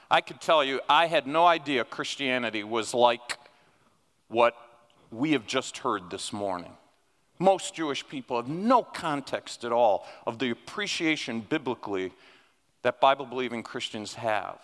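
Animated preacher in a reverberant church. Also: male voice, mid-range voice, measured pace. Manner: animated, rising to emphatic peaks. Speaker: guest preacher. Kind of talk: sermon. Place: church sanctuary. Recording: long hall reverb.

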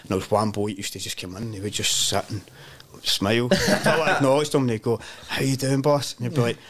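A man's voice: medium pitch, fast talker. Sweary Scottish man telling stories. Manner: swears freely, animated storytelling. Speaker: podcast guest. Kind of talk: casual chat.

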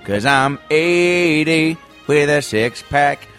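A man's voice: fairly high pitch, animated, slow, fairly bright tone, soft background music. A man putting on a cocky, laid-back eighty-year-old man who boasts about his fitness. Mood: boastful.

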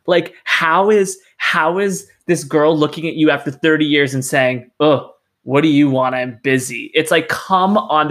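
Higher-voiced man ranting animatedly. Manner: animated ranting, profane, acts out quotes. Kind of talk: casual chat about a video game.

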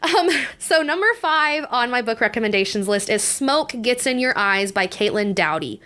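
A woman's voice: a little high, expressive, moderate pace, bright, forceful tone, clean tone. A young woman hosting a casual book review podcast, chatty and congested, with many fillers and restarts and frequent laughter. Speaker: podcast host.

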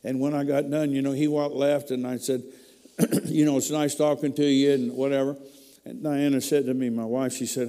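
A man's voice: medium pitch, level tone, moderate pace, dark tone. A man preaching a personal testimony in a folksy, emotional storytelling way, speaking in a church hall. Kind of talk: testimony sermon.

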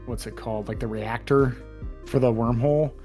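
A man's voice: mid-range voice, steady tone, normal speed, a little mellow, faint music behind. A man casually chatting on a podcast, rambling with lots of fillers and restarts. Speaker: podcast co-host. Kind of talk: casual chat.

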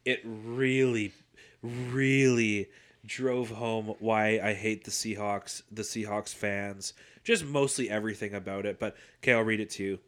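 A man's voice: fairly low pitch, fairly even intonation, unhurried. A man co-hosting a casual sports podcast, joking, swearing and laughing. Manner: jokey, swears, laughs loudly. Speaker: podcast co-host.

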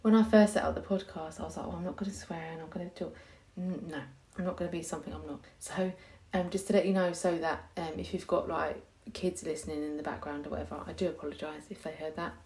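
A woman's voice: low-pitched, steady tone, fast talker, few pauses, a little mellow. A young woman hosting a podcast, chatting frankly and casually, laughing often. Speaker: podcast host, hypnobirthing teacher. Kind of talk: casual chat.

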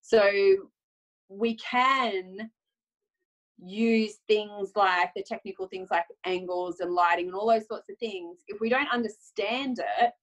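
A young adult woman photographer talking casually, lively and often acting out quoted self-talk with laughs. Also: medium pitch, slow, poor audio. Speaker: photographer guest. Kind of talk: casual conversational chat.

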